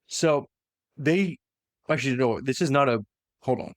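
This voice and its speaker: Man, podcast host, casual storytelling, fillers and restarts, mid pitch, dry close sound. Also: a little slow, no room sound. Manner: rambling, self-correcting with many fillers. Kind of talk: casual lore retelling.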